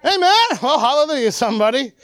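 A high-pitched preacher whose voice leaps up and down through an animated sermon. The delivery swings from loud calls to quiet asides and acts out the people in the story. The sound is close and dry, with no room echo. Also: quick pace.

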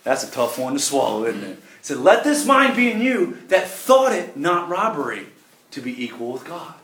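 A man's voice: fairly high pitch, very animated, moderate pace, a bit bright. A middle-aged man, preaching a sermon in a church with folksy, emphatic delivery and shifting volume. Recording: echoey room with faint noise.

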